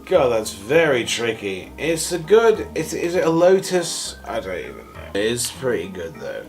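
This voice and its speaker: A man reviewing toys in a casual ramble, tipsy and hiccuping after shots, sarcastic and excitable, jumping from yelps to mumbles. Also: mid-range voice, normal speed, faint music behind. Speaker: toy reviewer.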